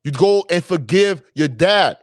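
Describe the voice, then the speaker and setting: A young adult man on a livestream chat, telling personal stories in a lively, profane way and acting out the voices of people he quotes. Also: a little high, unhurried, dry recording. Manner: animated storytelling, acts out quoted voices, profane. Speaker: podcast co-host.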